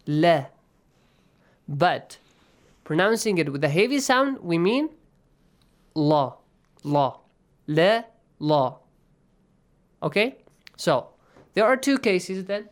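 A man's voice: high-pitched, sing-song, measured pace. A man teaching Quran recitation rules in a lesson, explaining patiently and checking understanding often. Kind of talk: online tajweed lesson.

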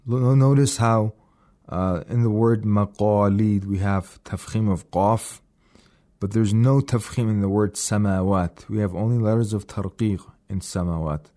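A man teaching recitation on a radio program, explaining slowly and repeating words to demonstrate. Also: lowish voice, warm tone. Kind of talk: radio lesson.

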